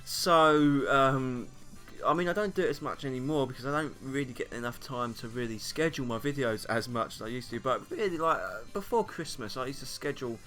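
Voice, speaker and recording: A young British man, a YouTuber, talks casually to camera in a vlog monologue, rambling, poking fun at himself and laughing often between points. His voice is medium-pitched, animated and brisk, with a fairly bright tone. Faint music plays in the background.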